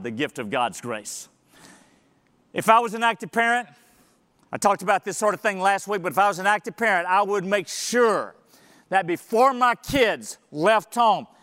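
High-voiced pastor preaching in an echoing church. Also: male voice, fairly bright tone. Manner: emphatic preaching with rhetorical questions. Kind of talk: sermon. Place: church sanctuary. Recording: long reverb of a church hall.

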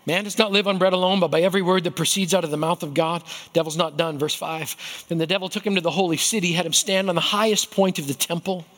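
Man, middle-aged, pastor, high-pitched voice, animated storytelling sermon. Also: quick pace, few pauses.

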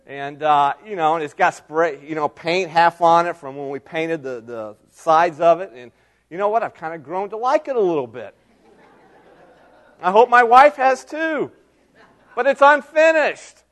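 A middle-aged male pastor preaching a sermon, moving between soft asides and raised, emphatic lines. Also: sits high.

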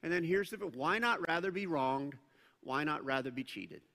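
A man's voice: fairly high pitch, normal speed, vocal fry, sharp tone, long reverb tail. A middle-aged man preaching a sermon as pastor, conversational, with joking asides and bursts of emphasis.

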